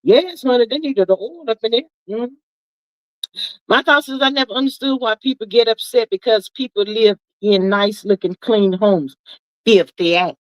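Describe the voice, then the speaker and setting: On this rough recording with no room sound, a livestream host in her sixties dishes casual gossip at a moderate pace. Her drawl is chatty and lively, her voice swoops upward for emphasis, and she keeps addressing people as "honey" and "child."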